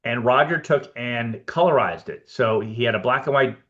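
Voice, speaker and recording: A man, a production designer guest on a podcast, telling animated anecdotes and acting out both sides of his conversations. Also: mid-range voice, moderate pace, highs cut off. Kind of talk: casual storytelling interview.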